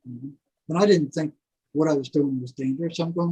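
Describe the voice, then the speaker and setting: An older man telling a long story in a rambling, animated way, full of fillers and asides. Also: on the high side, brisk, breathy edge, poor audio. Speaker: guest, former prison psychology worker. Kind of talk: casual storytelling interview.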